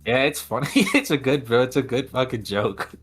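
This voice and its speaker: A man's voice: mid-range voice, a little fast, breathy edge, soft background music. A man co-hosting a podcast in casual chat, laughing often, swearing freely and rambling with fillers. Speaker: podcast co-host.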